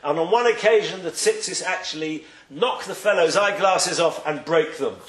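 A rabbi gives a sermon, telling stories and acting out the people he quotes, with emphasis that rises and falls. His voice is fairly high-pitched and a bit bright at a moderate pace, recorded in an echoey room.

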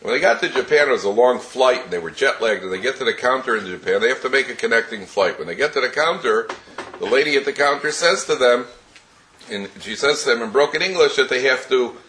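Animated man teaching a Torah class. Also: mid-range voice, fast, slight background noise. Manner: animated storyteller, many restarts and chuckles.

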